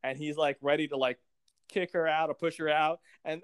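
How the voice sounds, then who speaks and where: Guy chatting about last night's episode, smooth clear voice, kinda higher pitch, dry close sound. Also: normal speed, dry recording. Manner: animated, acts out characters' lines. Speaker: podcast co-host. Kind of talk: casual TV recap chat.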